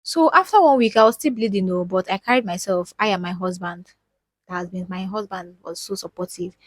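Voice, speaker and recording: A woman's voice: fairly low pitch, a little fast, no echo. A young woman with a Nigerian accent, speaking emotionally and repeating words for emphasis as she tells a personal story to her viewers. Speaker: vlogger.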